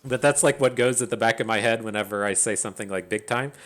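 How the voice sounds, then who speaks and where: A man's voice: lowish voice, fast talker. A man giving casual, rambling commentary on his own card game match, often restarting sentences and mocking his own misplays. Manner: rambling, self-deprecating, stammers and restarts. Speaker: gaming streamer.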